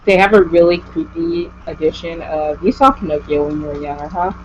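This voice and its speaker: A woman's voice: deep voice, brisk, a little mellow, slight background noise. A woman vlogger chatting casually with a guest, gushing and rambling with lots of "like". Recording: dull lo-fi home recording.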